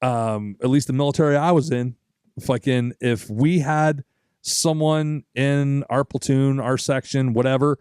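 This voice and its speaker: A man's voice: mid-range voice, unhurried, a little mellow, clean tone, no echo. Man, casual podcast chat, storytelling, cursing, dry close sound. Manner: swearing, storytelling with quoted voices. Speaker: podcast co-host.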